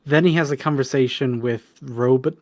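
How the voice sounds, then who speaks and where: A man's voice: mid-range voice, normal speed, darkish tone, no echo, clean studio sound. A man co-hosting a podcast, chatting casually and sarcastically about a film and swearing as he rants. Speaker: podcast co-host. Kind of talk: casual movie-review chat.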